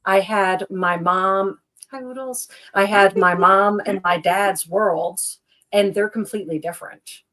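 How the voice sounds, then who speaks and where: A woman's voice: mid-range voice, a little slow, a bit bright. A woman co-hosting a casual chat show who rambles, restarts her sentences and laughs at herself. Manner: chatty and rambling, full of "like" and restarts.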